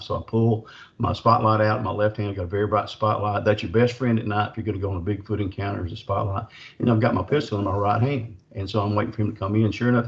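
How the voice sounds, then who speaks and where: A man's voice: lowish voice, creaky, lo-fi sound. A middle-aged man, telling a podcast host about a Bigfoot encounter in a folksy, rambling way with lots of fillers. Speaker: Bigfoot researcher, podcast guest. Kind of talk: storytelling an encounter.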